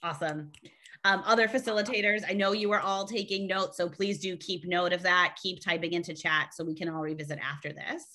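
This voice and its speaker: A woman's voice: on the low side, bright, forceful tone. A woman facilitating a town hall, thanking facilitators and handing over to the closing speakers. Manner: quick and upbeat, handing off.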